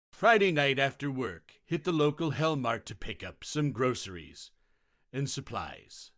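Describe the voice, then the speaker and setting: A man narrating online customer-service stories in a steady, scripted reading style. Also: medium pitch, dry recording, studio quality.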